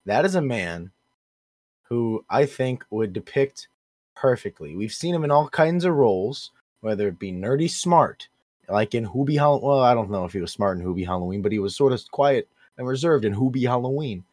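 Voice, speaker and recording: A man's voice: medium pitch, animated, a little fast, darkish tone, dry recording. A man, co-hosting a casual podcast chat, rambling and playful with self-deprecating asides. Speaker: podcast co-host.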